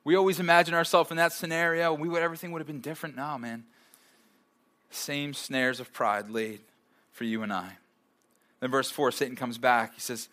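A man preaching a sermon to a live church audience, reading scripture and joking with the crowd, often breaking into loud, lively bursts. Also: mid-range voice, fairly quick.

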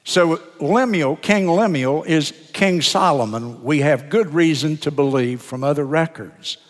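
An older man preaches from the pulpit in an earnest, deliberate way, stretching key words for weight. His voice sits a little high, and a long reverb trails each phrase through the church sanctuary. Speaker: pastor. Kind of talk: sermon.

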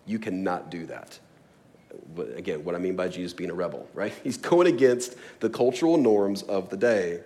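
Male pastor mid-sermon, animated delivery with a lot of pitch swing, plays out little scenes. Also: normal speed. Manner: animated storytelling with acted asides.

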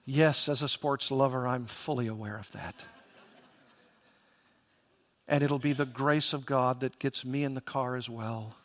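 A man's voice: mid-range voice, fairly even intonation, a little slow, long pauses, fairly bright tone. A man preaching a sermon as pastor, earnest and emphatic, with rhetorical questions to the congregation.

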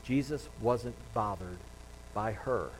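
A man preaching a sermon, retelling a Bible story with lively acted-out quotes and frequent restarts. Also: on the low side, slow pace, a little hiss or hum, low-quality recording. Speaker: pastor.

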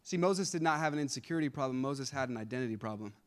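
A male pastor preaching a sermon, with a rhythmic, repetitive delivery that builds to loud, emphatic peaks. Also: medium pitch, expressive, very fast.

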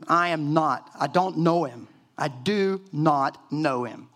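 A man's voice: a little high, unhurried. A preacher putting on a passionate, impulsive man. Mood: protesting. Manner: emphatic and insistent. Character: impulsive, passionate adult man protesting loudly.

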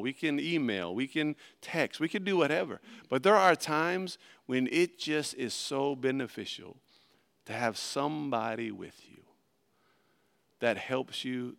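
A man preaching a sermon, folksy and animated, swinging between loud emphasis and hushed asides. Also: medium pitch, measured pace, gravelly. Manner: animated, folksy, acts out little voices. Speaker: pastor.

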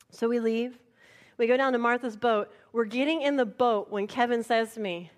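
A woman pastor giving a sermon, telling a personal story in an animated, playful way. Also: fairly high pitch, brisk.

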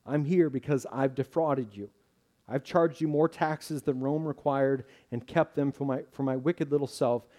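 A man voicing a humble, repentant tax collector who speaks earnestly and gently in a story reading. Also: mid-range voice, steady tone, moderate pace, close to an everyday voice. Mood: contrite.

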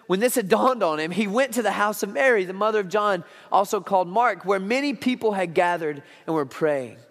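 A male pastor preaching a sermon, telling a Bible story with lively, acted-out dialogue. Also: high voice, gravelly, big-room sound. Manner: animated storytelling, acting out Bible characters. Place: church sanctuary.

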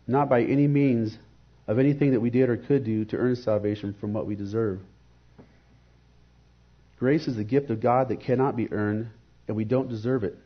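Husky-voiced man preaching earnestly. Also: medium pitch, lo-fi sound. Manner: earnest, reflective, rhetorical questions. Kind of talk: devotional sermon.

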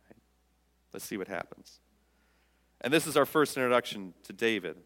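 In a large hall, a man with a medium-pitched voice preaches at normal speed, pausing often. He's the pastor, and his sermon is lively storytelling full of humor, with the quotes acted out.

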